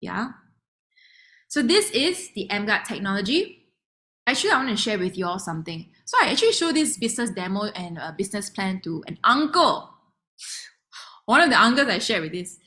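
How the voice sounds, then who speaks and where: A young woman with a Malaysian English accent giving a lively online sales presentation, chatty and quick to laugh, acting out what her customers say. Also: mid-range voice. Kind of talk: online product demo presentation.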